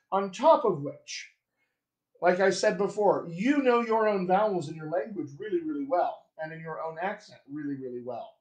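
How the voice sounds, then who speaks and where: A man teaching as a dialect coach in a live-streamed lesson, playful and chatty. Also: high voice. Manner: playful, chatty, laughs at himself. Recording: echoey room.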